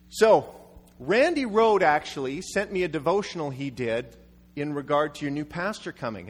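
A man preaching a sermon, telling a story animatedly and acting out quotes. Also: on the high side. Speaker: pastor. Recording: echoey hall.

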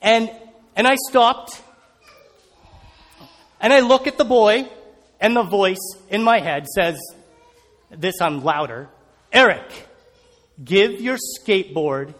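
Animated storytelling man in an echoing hall. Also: high-pitched. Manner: animated, acts out scenes. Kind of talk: storytelling sermon.

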